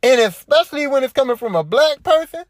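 A woman's voice: sits high, very animated, brisk, no echo. A woman hosting a solo podcast, ranting in a casual, profane, repetitive way. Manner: profane, repetitive, worked-up commentary. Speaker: podcast host.

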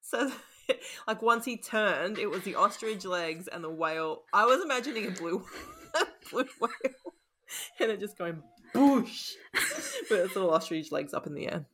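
A young woman co-hosting a casual book discussion, frank and quick to laugh as she talks about a story. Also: medium pitch, animated, a bit bright, slight background noise. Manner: frank, laughing, swears freely.

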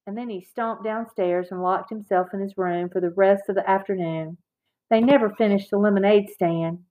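A woman narrating a children's chapter book aloud in a clear, expressive read-aloud manner. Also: medium pitch. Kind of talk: children's audiobook reading. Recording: slightly dull, lo-fi recording.

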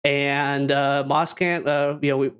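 A man's voice: medium pitch, flat delivery, measured pace, fairly bright tone, smooth. A man hosting a podcast who talks in a rambling, enthusiastic way in casual chat. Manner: rambling, enthusiastic, many restarts. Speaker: podcast host.

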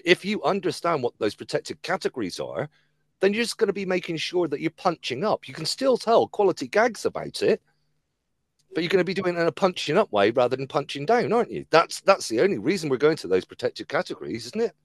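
Animated male podcast host, lively pitch. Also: quick pace, no echo. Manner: animated storyteller who acts out quoted voices. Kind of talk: casual podcast chat.

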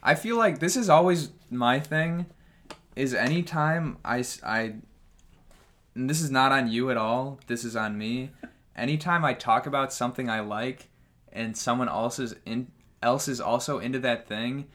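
A man's voice: medium pitch, normal speed, fairly bright tone. Male podcast guest, hesitant, self-deprecating, casual. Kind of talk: casual chat.

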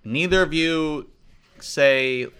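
Bright-voiced sarcastic man. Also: fairly high pitch, drawn-out words, smooth. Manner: dry sarcastic quips. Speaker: podcast co-host. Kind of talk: casual group chat. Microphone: own podcast microphone, remote.

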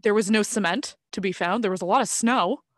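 A young woman from Canada talks through her dating stories in a casual chat, animated and quick to act out every line of dialogue. Her voice sits in a middle register and sounds dry and close, with no room around it. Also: mid-range voice, dry recording. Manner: animated storyteller who acts out quoted dialogue.

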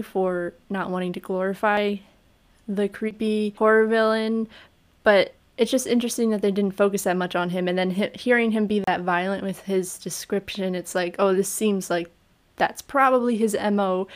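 An animated woman on a casual film podcast. She talks at a middle pitch and keeps slipping into little acted-out quotes as she reacts. The delivery stays chatty and lively. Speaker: podcast co-host. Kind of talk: casual film review chat.

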